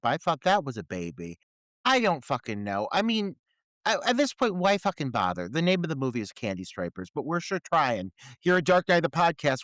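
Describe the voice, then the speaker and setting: A man co-hosting a podcast, reviewing a movie in an animated, incredulous way and swearing freely. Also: mid-range voice, no room sound. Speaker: podcast co-host. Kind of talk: casual movie review chat.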